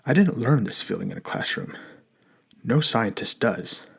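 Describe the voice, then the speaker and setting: A man narrating an audiobook in a measured, even storytelling manner. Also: mid-range voice, vocal fry, breathy edge.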